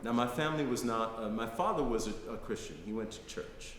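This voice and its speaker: This guest lecturer, a middle-aged man from the United States, talks briskly in a mid-range voice with a slightly bright tone. He tells personal anecdotes conversationally to a live audience, peppering them with "right?" tags. Faint noise and hall echo come through.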